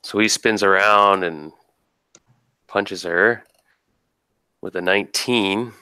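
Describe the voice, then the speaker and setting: A man's voice: on the low side, steady tone, takes it slowly, bright, forceful tone, clean tone, dry recording. A man running a tabletop game as game master, casually narrating combat and thinking aloud over dice rolls.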